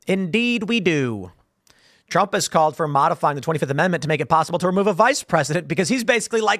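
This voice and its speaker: A man's voice: high-pitched, lively intonation, fast, a bit bright, dry recording, studio quality. A man in his late thirties hosting a show, delivering an emphatic, indignant political commentary monologue. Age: 30s.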